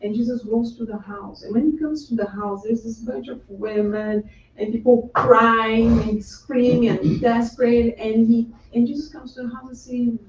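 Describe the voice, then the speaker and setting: A spiritual lecturer giving a public talk in a casual, conversational way, often checking in with the audience with a quick "right?". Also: mid-range voice, steady tone. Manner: conversational, peppered with rhetorical "right?" and asides. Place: lecture room. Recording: roomy, distant, dull-sounding room recording with faint background noise.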